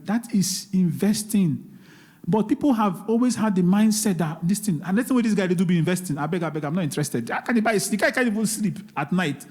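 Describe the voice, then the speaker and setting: This man's voice sits high, warm, and slightly rough as he delivers a live investing seminar as a guest speaker. Speaking to an audience in a church hall, he is emphatic and pleading and repeats key words, with the large hall's long reverb audible.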